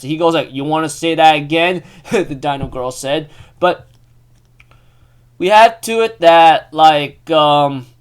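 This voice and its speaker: Excitable young man, clear voice. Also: fairly high pitch. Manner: excitable, rambling, laughs often, lots of fillers. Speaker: manga recap host. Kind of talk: casual chat recap.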